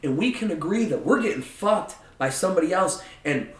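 Guy with a high voice ranting and cursing nonstop, sounds far from the mic in an echoey room. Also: animated, a little fast. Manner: profane, ranting, heated. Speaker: podcast host. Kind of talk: casual chat. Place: room with a friend.

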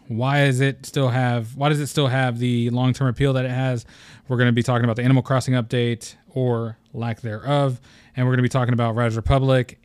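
A young man hosts a casual solo podcast, rambling and swearing freely with scatterbrained, excitable energy. His voice sits at an ordinary middle pitch, and the sound is dry and close to the mic with no echo.

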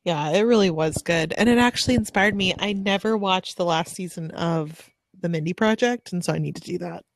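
Laughing mom co-host, dry close sound. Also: female voice, fairly low pitch, brisk, no room sound. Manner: laughing, animated storytelling. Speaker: podcast co-host. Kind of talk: casual chat.

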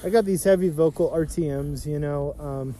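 A man's voice: a little high, normal speed, a crowd in the background. A man co-hosting a casual chat outdoors on a ski chairlift, joking and poking fun at himself. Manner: jokey and self-deprecating. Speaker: podcast co-host.

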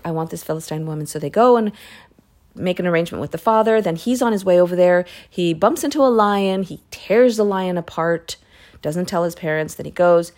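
A woman's voice: on the low side, darkish tone. A woman casually retelling Bible stories in a chatty way, with self-corrections and side remarks. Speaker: Bible reading podcaster.

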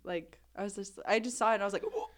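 A woman's voice: mid-range voice, steady tone, rapid-fire, a crowd in the background. A teenage girl in casual chat, telling rambling stories with frequent giggles. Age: teens.

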